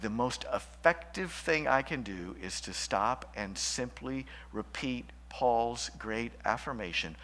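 A man preaching a sermon as pastor, shifting between loud emphatic lines and hushed, slow passages. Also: mid-range voice, lively intonation, slight background noise.

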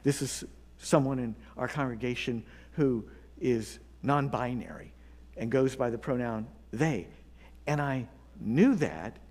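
A man pastor delivering a sermon, telling a story with earnest pauses and building to emphatic appeals. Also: fairly high pitch, darkish tone.

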